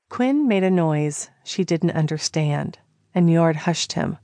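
A woman narrating an audiobook in slow, even storytelling. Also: sits low, no echo. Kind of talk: scripted narration.

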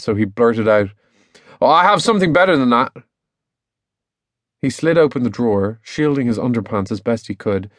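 A man narrating a children's novel as an audiobook, lively storytelling with many character voices. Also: on the low side, no echo, studio quality.

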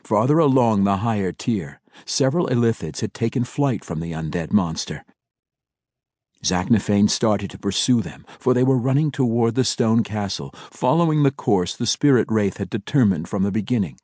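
A male audiobook narrator tells a fantasy story in a measured, dramatic way. His voice is low with a husky texture, recorded close and dry with no room sound. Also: lively intonation, darkish tone, dry recording. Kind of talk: scripted narration.

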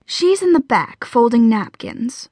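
Lady doing a soft, soothing mom, kinda high, dry recording. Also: sing-song, unhurried, dry recording. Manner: soothing, warm-hearted. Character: gentle middle-aged mother, soothing.

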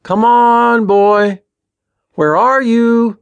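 A man's voice: very high-pitched, steady tone, drawn-out words, smooth, dry recording, muffled recording, pitched above the performer's own voice, full character voice. A man voicing a reckless teenage boy who calls out in a teasing, sing-song way.

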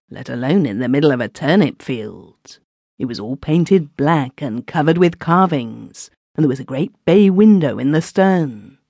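A woman's voice: sits low, gravelly, dark tone, slightly rough, no room sound. A woman narrating a classic story in the first person as a villager, recorded on a close studio mic. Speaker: audiobook narrator.

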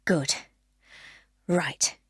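A woman voicing a protective, loving mother who speaks low, gentle and firm. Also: extremely slow, no echo, clean studio sound. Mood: soothing.

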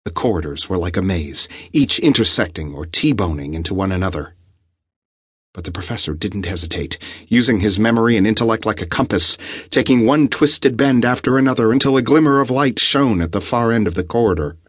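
A man narrates an audiobook in a measured, suspenseful manner. His voice is very low and husky. The recording is close and dry. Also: expressive, no room sound. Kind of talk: scripted narration.

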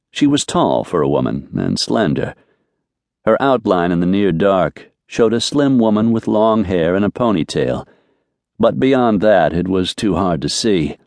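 This is scripted audiobook narration by a man with a deep voice, delivered in a steady, measured storytelling style. The sound is clean studio quality with a dry recording.

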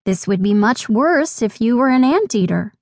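A woman voicing a gentle, naive fairy who talks in a soft, cooing way. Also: a little high, expressive, normal speed, dry recording. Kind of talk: storybook character voice. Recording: dry studio recording.

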